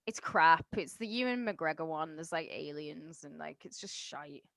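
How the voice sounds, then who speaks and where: A woman's voice: low-pitched, normal speed, creaky, a bit bright, no echo. A woman co-hosting a podcast in chatty, sweary talk, laughing often. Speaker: podcast co-host. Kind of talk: casual podcast chat.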